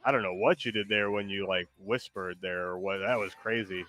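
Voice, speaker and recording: A fairly low-voiced man chats casually while streaming a game. He rambles, packing his speech with likes and restarts. Faint music plays behind him. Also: brisk, pushed and bright, no echo. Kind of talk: casual chat while gaming.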